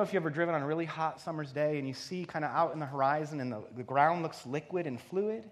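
A man's voice: on the high side, quick pace, hardly any pauses, a little hiss or hum. Man telling a sermon story. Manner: intimate storytelling, drops to near-whisper for quoted prayers. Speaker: pastor. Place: conference venue.

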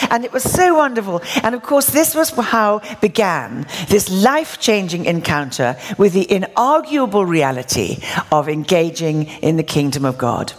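An older woman tells a church story in her sermon, and her voice swoops high and low as she acts out each exchange. She laughs easily and keeps the storytelling lively. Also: normal speed. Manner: animated, laughing storyteller acting out dialogue. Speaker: preacher.

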